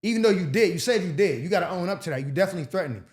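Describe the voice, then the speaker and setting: High-voiced man giving blunt advice. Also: animated, rapid-fire, darkish tone. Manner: slangy, blunt, streetwise banter; reads out viewer letters. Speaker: advice show host. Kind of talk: casual advice commentary.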